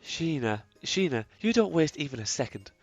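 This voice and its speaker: A clumsy mock French accent, put on by a man reading game researchers aloud. It comes out quiet and halting, stumbling over words. Faint music sits under a slightly dull recording. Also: fairly high pitch, sing-song, no room sound.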